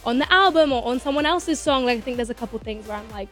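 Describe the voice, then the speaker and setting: A woman's voice: on the high side, lively intonation, quick pace, faint music behind. A young woman, a singer chatting as a guest in a studio interview, bubbly and gushing. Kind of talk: casual interview chat.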